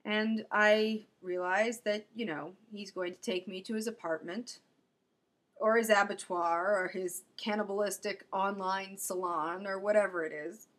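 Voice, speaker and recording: A woman's voice: mid-range voice, fairly even intonation, measured pace. A young woman telling a true story about herself in a wry, self-mocking comic manner. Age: young adult. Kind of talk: first-person storytelling.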